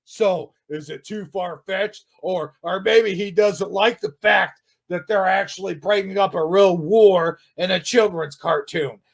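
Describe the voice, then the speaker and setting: A man reviewing another YouTube channel in an angry, sarcastic rant, swearing and shouting often. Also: high voice, measured pace, vocal fry, few pauses. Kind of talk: ranting video commentary.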